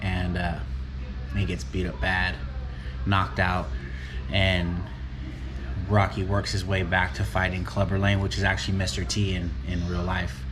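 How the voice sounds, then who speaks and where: A man's voice: sits low, completely flat delivery, a little slow, background noise. A man talking casually and reflectively as a motivational vlogger, rambling and tagging his points with "right?". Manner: rambling, keeps asking "right?".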